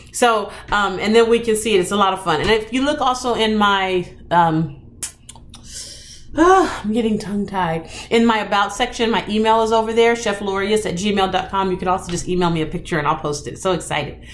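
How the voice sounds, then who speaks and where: A woman in her thirties hosting a cooking channel, chatting casually on a live stream as she reads out viewer comments, laughing often and getting animated when she quotes people. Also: medium pitch.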